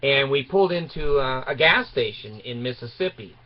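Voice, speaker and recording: A man's voice: medium pitch, animated, normal speed. Guy in his 60s from utah, rambly storyteller, chuckles a lot, muffled lo-fi audio. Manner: digressive, chuckling, trails off often. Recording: dull lo-fi recording.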